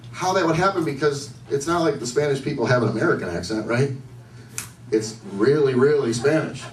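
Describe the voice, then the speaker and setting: Male stand-up comic, loose rambling delivery, roomy echo, heard from a distance. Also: mid-range voice. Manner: loose, rambling conversational delivery, asks the crowd questions. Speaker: stand-up comedian. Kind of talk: stand-up set. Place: bar comedy night. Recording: echoey room, distant mic, faint noise.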